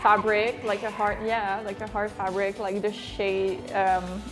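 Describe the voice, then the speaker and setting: A woman's voice: medium pitch, level tone, measured pace, music in the background. A young woman cosplay guest explaining a wig technique, hesitant with many ums.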